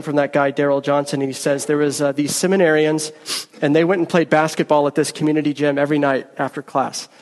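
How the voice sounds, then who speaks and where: A man's voice: fairly high pitch, darkish tone, big-room sound. A man preaching a sermon as pastor, emphatic and earnest, mixing teaching with storytelling.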